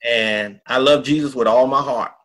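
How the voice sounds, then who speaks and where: A man's voice: medium pitch, moderate pace, a bit bright. A middle-aged man, a pastor, telling a personal story in a podcast interview in an earnest, folksy way, acting out what others said. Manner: earnest, folksy storyteller who acts out quotes.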